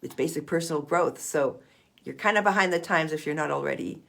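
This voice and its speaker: A woman's voice: deep voice, brisk, vocal fry, fairly bright tone. A woman coaching self-hypnosis in a casual explainer video, chatty and playful, often checking in with "okay?". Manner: playful asides.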